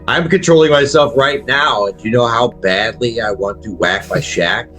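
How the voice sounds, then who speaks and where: A man's voice: mid-range voice, moderate pace, a bit bright, faint music behind. A young man co-hosting a casual chat, reacting to the story with blunt jokes and profanity. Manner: blunt, joking interjections. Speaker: co-host.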